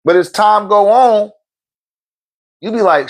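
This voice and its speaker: Here a man who hosts events and teaches spirituality gives a laid-back motivational talk, high in pitch, slow and full of pauses. He curses openly, laughs often and speaks with emphasis. As he restarts phrases, he repeats words.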